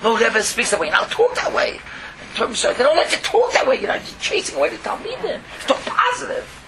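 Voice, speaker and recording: Extremely high-pitched and quick, this male rabbi delivers a Torah lesson packed with stories, blended words and exclamations. There is a constant hiss behind him.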